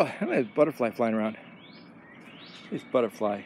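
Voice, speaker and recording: A man's voice: mid-range voice, sing-song, brisk, long pauses, darkish tone, slight background noise. A man casually narrating while filming his dogs outdoors in a backyard, in a lazy, drawling way on a handheld iPod camera.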